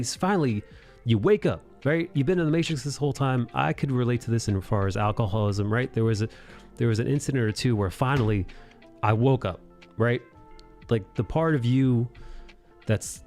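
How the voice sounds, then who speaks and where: A man's voice: medium pitch, brisk, a little mellow, soft background music. A man hosting a live art stream, ranting casually, swearing freely and acting out mocking quotes. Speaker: livestream host drawing and chatting.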